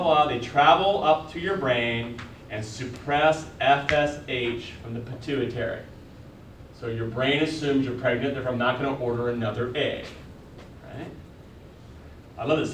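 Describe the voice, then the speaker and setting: Captured from afar in an echoey classroom with background noise, a biology lecturer at a college speaks casually and peppers students with questions. His voice is medium in pitch and sits far from the mic.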